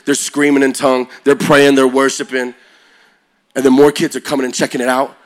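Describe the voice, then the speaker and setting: A man preaching to young people, telling stories with rising energy and shifting to a slow, quiet prayer. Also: medium pitch. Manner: energetic, builds to loud excited peaks; slow and quiet when praying. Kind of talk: sermon storytelling.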